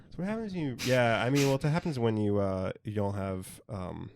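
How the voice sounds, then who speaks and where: A man's voice: lowish voice, fairly quick, no echo. A man co-hosting a casual sports podcast from a home studio, rambling and often trailing off mid-sentence to restart. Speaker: podcast co-host.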